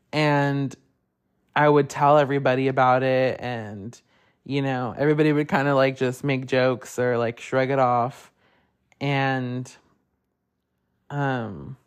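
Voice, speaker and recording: A young man hosting a podcast, telling a personal ghost story in a casual, profane way, full of fillers. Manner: chatty, profane, lots of "like" fillers; puts on high voices when quoting others. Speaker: podcast host.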